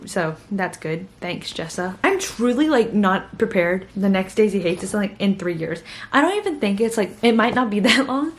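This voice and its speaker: A woman's voice: medium pitch, expressive, moderate pace. A young woman in her twenties, a college student, chatting casually about books in a vlog, gushing and full of fillers. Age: young adult. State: tired. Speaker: book vlogger. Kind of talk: casual reading vlog chat.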